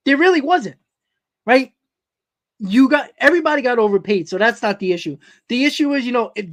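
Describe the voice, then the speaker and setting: A man's voice: extremely high pitch, a bit bright. A man with a New York accent hosting a live-stream sports talk show, rambling and often correcting himself as he answers his chat. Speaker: host.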